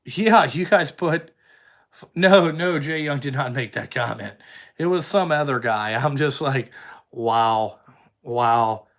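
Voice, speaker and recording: Young trucking boss, fairly high-voiced man, blunt and profane, rambling live chat with viewers. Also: measured pace, fairly bright tone. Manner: blunt, heavy swearing, rambling. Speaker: trucking company owner. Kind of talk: casual livestream chat answering viewers.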